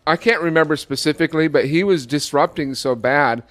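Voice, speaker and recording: A man's voice: fairly high pitch, fairly quick, a bit bright. An older man telling a story about his son in a casual podcast chat, rambling with restarts. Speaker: father telling a family story.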